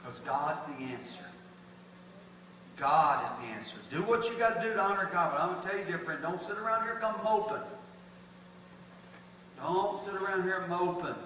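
Folksy pastor in echoey hall. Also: male voice, sits high, animated, normal speed, long pauses, pushed and bright. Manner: folksy, preaching with rising emphatic bursts. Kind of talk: sermon. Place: church sanctuary. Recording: echoey hall from far off, noisy.

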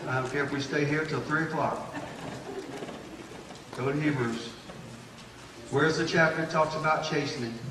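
A man preaching a sermon as pastor, rising to emphatic bursts and slowing down to draw out scripture verses. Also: fairly high pitch, steady tone, background noise. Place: church sanctuary. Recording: echoey church hall, distant mic.

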